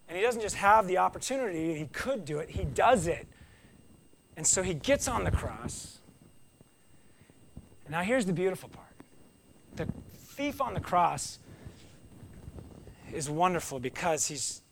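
A man delivers a sermon in a relaxed, conversational way, with a fairly high voice carrying a gravelly edge. He tells the story with animation, acting out what people say and dropping wry asides. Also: a little hiss or hum. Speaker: preacher.

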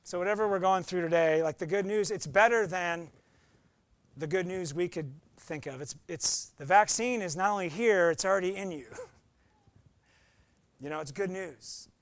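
A man's voice: high-pitched, normal speed, dry recording. A man preaching a conversational, emphatic sermon as pastor, acting out short quotes.

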